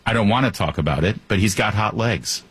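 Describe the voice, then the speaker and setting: A man's voice: on the low side, expressive, fairly quick, fairly bright tone, slight background noise. A male talk radio host delivering a sarcastic, joking monologue into a studio microphone.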